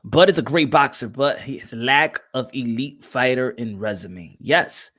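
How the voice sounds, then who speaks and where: A man with a medium-pitched, slightly bright voice hosts a casual boxing livestream at an unhurried pace. He reads out the chat, poses rhetorical questions and often says the same things again.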